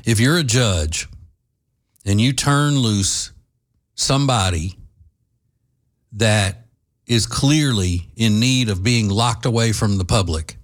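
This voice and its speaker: Man, low voice, host, opinion monologue, halting, fillers, dry sarcasm.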